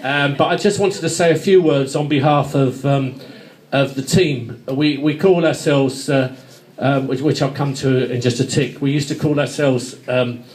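A man's voice: mid-range voice, fairly even intonation, moderate pace, darkish tone. A man giving a hesitant, wry speech with many fillers in a theatre foyer. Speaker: guest speaker at a memorial. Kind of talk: live speech to a crowd.

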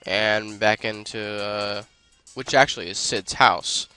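A man chatting casually while playing through a game, rambling with fillers. His voice is bright and forward. Faint game music sits under his talk. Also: lowish voice, steady tone, slow, smooth, low-quality recording. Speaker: let's play gamer. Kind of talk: casual gameplay commentary.

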